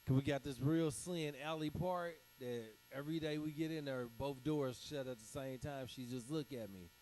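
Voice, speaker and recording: A man's voice: mid-range voice, normal speed, a little mellow, slight background noise, poor audio. A man doing a stand-up set, telling loose stories with slang and punchy sound effects. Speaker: stand-up comedian.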